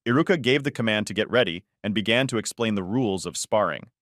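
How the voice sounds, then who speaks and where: In flat, even narration, a man reads a fan story aloud at a fast clip. His low voice is recorded dry, with no room sound at all.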